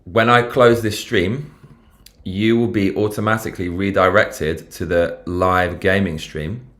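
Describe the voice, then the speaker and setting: A London man hosting a relaxed livestream has a low, slightly bright voice with fairly even intonation, delivered a little slowly. He rambles, swears freely and uses slang as he talks over the news and answers viewer comments.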